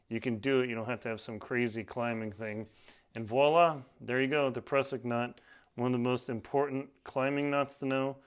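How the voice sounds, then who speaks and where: A man with a smooth, clear voice walks through tying a climbing knot. He talks plainly and practically, narrating his hands as he works. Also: mid-range voice. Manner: plain, practical, hands-on demonstrating while talking. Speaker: outdoor skills instructor. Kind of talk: casual knot-tying tutorial.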